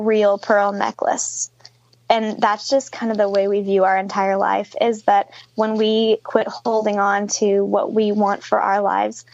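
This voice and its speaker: A woman's voice: mid-range voice, creaky, darkish tone, poor audio. A woman in her twenties, a podcast guest, talking casually over a video call and telling stories with lots of fillers. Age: 20s. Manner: chatty, storytelling with many fillers. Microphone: video call microphone.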